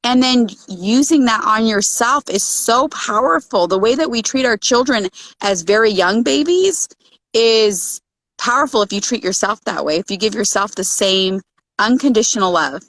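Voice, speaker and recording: An earnest woman on a podcast, reflecting and giving advice in a casual chat. Her voice sits a touch high and is recorded dry and close, with no room sound. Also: expressive, moderate pace, a bit bright, no room sound. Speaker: podcast co-host.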